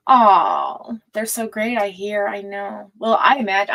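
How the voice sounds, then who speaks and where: A woman's voice: mid-range voice, unhurried, creaky, a bit bright, low-quality recording. A woman hosting a casual livestream, chatting with viewers, reading their comments aloud and laughing often. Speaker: tarot livestream host.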